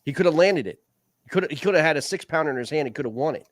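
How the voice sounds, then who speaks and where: A man's voice: fairly high pitch, animated, very fast, no room sound. A man hosting a fishing league recap show, talking casually and rambling, calling people "man" and "dude". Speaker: show host.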